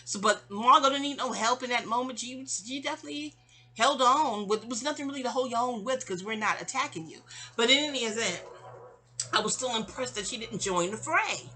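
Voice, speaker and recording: Woman storyteller, chatty and rambling, bright tense voice, acts out the quotes. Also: fairly high pitch, brisk. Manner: rambling, repeats and restarts words, acts out quotes. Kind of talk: casual storytime monologue.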